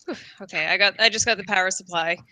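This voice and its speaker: A woman's voice: medium pitch, quick pace, sharp tone, dry recording. A woman hosting a casual livestream chat, blunt and playful. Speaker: channel host.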